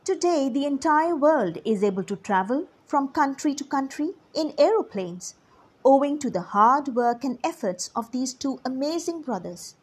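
With a high voice at normal speed, a woman reads a true story aloud to children. She tells it expressively and speaks directly to her young listeners.

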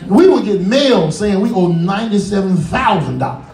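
A man doing a stand-up comedy set on a cafe stage, loud and profane, acting out characters as he goes. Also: high-pitched, animated, normal speed, soft background music. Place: music cafe stage with live audience. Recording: roomy, distant live club recording.

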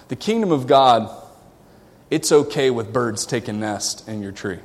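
A man from the American South with a Southern accent, preaching a sermon as pastor, swinging between loud exhortation and quiet asides. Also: medium pitch, lively intonation, unhurried, in a large hall.

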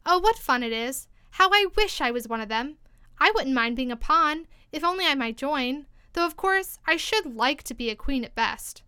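Storybook girl, curious and polite, read by a woman, smooth, dry close sound. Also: high voice, normal speed, pushed and bright, no echo. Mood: wondering. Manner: wondering, polite.

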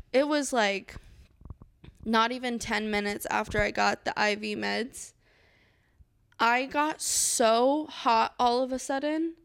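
A young woman co-hosting a podcast, telling a story in casual talk, swearing often and acting out quotes. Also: clean tone. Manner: swears often, acts out quotes in a high panicked voice. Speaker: podcast co-host.

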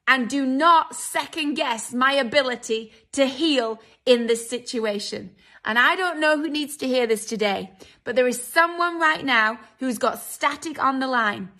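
A woman's voice: high-pitched, unhurried, bright, forceful tone. A woman preaching a sermon, speaking emphatically and acting out quoted voices as she addresses her listeners.

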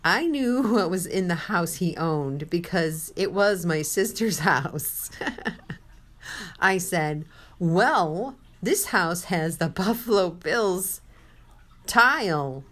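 A woman's voice: fairly low pitch, animated, slow, fairly bright tone. A woman giving a sermon-style testimony, telling a personal story with quoted dialogue and speaking to the listener.

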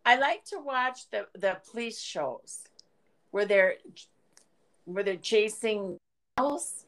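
A woman's voice: medium pitch, animated, slow. A woman, the hosts' mother, chatting casually on a podcast and telling stories with fillers.

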